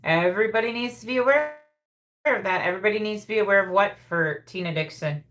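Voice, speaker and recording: A woman's voice: medium pitch, fast, fairly bright tone. A woman hosting a live psychic reading stream, relaying messages and repeating phrases as they come through.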